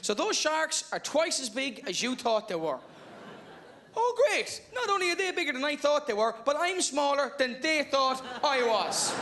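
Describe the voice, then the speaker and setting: Animated Irish stand-up comedian. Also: male voice, very high-pitched, a little fast, a crowd in the background. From Ireland. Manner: animated, punchy, storytelling. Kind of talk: live stand-up storytelling. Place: large theatre with audience. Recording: noisy live theatre recording.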